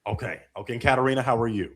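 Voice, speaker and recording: A man hosting a live dating show with a playful, hyping delivery. He heaps praise on his guests and keeps things moving between them. His pitch sits in an ordinary middle range. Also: racing. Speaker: host.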